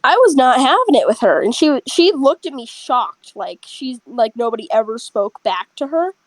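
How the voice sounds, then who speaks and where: A young woman with a somewhat high voice tells a work story to friends in a blunt, swearing, animated way. Her voice sounds close and dry, with no room around it. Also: normal speed, dry recording, low-quality recording. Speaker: restaurant server telling a story. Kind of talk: casual chat with friends.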